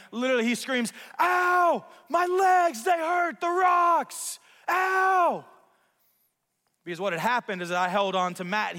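A man preaching a sermon as pastor, telling a story in an animated, self-mocking way in a church sanctuary. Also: high-pitched. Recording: long reverb of a large hall.

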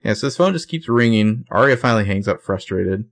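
A man's voice: fairly low pitch, expressive, fairly quick, creaky. A man co-hosting a podcast, casually retelling a TV episode scene by scene with fillers and self-corrections. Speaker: podcast co-host recapping a TV episode. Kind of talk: casual chat.

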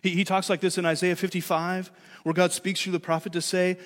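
A man preaching a sermon in church, conversational and animated, his loudness rising and falling. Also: high voice, a little fast. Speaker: pastor. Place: church sanctuary. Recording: long hall reverb.

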